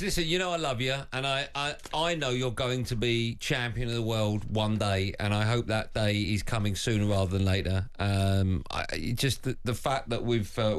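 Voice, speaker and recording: A man hosting a sports radio show, chatting in a chummy, teasing way with his guest. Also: fairly low pitch. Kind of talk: lively radio chat.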